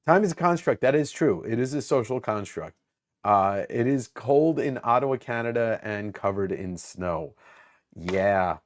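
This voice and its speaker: A man's voice: medium pitch, animated, unhurried. A man hosting a casual live stream, rambling and self-mocking as he greets viewers in the chat by name.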